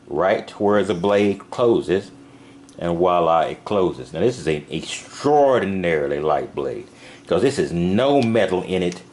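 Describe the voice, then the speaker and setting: A man casually showing a pocket knife in a vlog, talking in a rambling, halting way with many fillers. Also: deep voice, a little mellow, slight background noise. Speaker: knife reviewer. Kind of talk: casual product demo vlog. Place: van.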